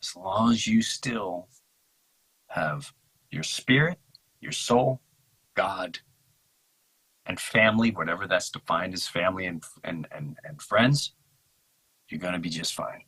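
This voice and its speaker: A man talking in an impassioned, animated way in a casual podcast conversation, acting out quotes in mocking voices. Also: deep voice, slow pace, long pauses, breathy edge, poor audio. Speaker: podcast guest.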